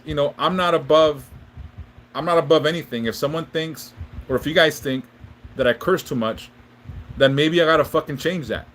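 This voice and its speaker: Over slight background noise, a man with a mid-range voice hosts a casual livestream and gives spiritual readings. He chats with viewers in a rambling, profane way, frequently starting his sentences over.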